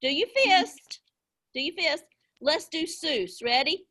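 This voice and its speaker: A woman teacher leading children through a phonics lesson on a video call, sounding out words slowly and encouragingly. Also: high-pitched, very animated, bright, forceful tone. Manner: slow, encouraging, exaggerated sounding-out. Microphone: laptop mic on video call. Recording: noisy video call audio.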